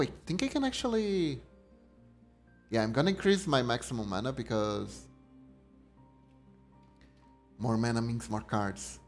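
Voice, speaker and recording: A young man streaming a game, musing to himself and reading the game text aloud. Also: medium pitch. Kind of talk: casual game commentary. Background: faint game music.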